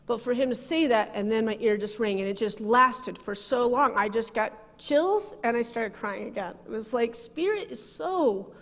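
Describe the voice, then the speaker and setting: A woman's voice: a little high, lively intonation, moderate pace, few pauses, fairly bright tone. Woman preaching in a reverberant hall. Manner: personal storytelling, frequent laughs and asides. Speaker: minister. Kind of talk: sermon. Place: church sanctuary. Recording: long reverb of a church hall.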